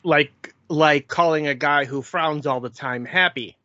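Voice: medium pitch, a little slow, sharp tone, no room sound, lo-fi sound. A podcast co-host in casual movie chat, dropping dry, wry quips.

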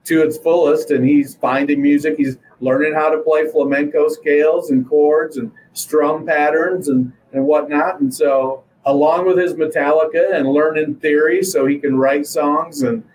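A man's voice: on the high side, fairly even intonation, moderate pace, few pauses, a little mellow, slight background noise, rough recording. A middle-aged man telling a long story in casual chat, rambling with fillers and restarts. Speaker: guest.

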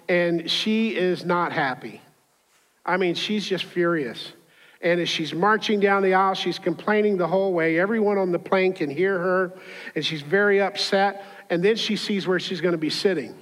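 High-voiced pastor telling a funny story. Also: male voice. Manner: conversational, humorous, acts out voices in his anecdote. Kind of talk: sermon with personal storytelling. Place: church auditorium. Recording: hall reverb.

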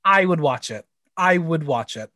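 A man co-hosting a casual podcast, recapping a show with animated, campy, laugh-filled chat. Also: on the high side, normal speed, dry recording. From United States. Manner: animated, laughs often, camp and swearing.

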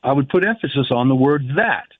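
Halting male caller on a tinny phone line. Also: medium pitch, lively intonation, no echo. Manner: halting, reflective, slows to stress quoted phrases. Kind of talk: phone-in call.

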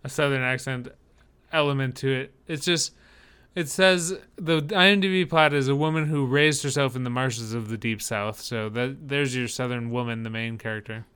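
A man's voice: medium pitch, normal speed, fairly bright tone, clean tone. A man co-hosting a casual chat about movie trailers, rambling with hesitant fillers and dry humor. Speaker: podcast co-host.

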